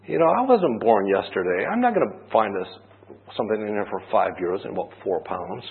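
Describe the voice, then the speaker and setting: A man's voice: lowish voice, expressive, fairly quick, gravelly, a little hiss or hum. A man preaching a sermon, telling a personal story in a conversational way and asking rhetorical questions. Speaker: pastor. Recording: tinny phone-like band.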